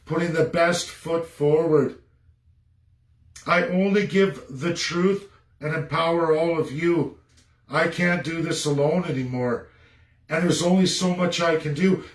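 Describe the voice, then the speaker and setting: Agitated high-voiced man ranting in echoey room. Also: far from the mic. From Canada. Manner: agitated, repetitive, emphatic. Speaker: livestreamer. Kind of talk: angry political rant on a livestream. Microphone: phone or webcam on a livestream.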